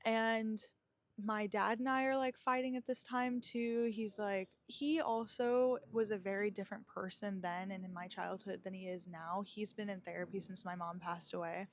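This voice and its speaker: A woman podcast host shares her own story candidly, reflective and confessional, with many filler words. Her mid-range voice keeps fairly even intonation at a normal speed.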